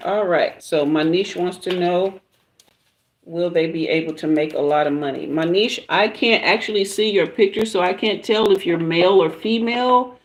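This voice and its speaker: A woman with a Southern US accent hosting a casual livestream, chatting with viewers and giving a tarot reading in a relaxed, chatty way. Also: fairly low pitch, a little hiss or hum. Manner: relaxed, chatty, drawn-out pauses. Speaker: tarot reader livestream host.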